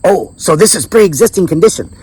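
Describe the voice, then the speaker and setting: A man imitating a middle-aged Filipina woman doctor, doing her accent in a raised, bright voice as he retells their conversation. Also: on the low side, lively intonation, brisk, slightly rough, pitched above the performer's own voice. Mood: incredulous.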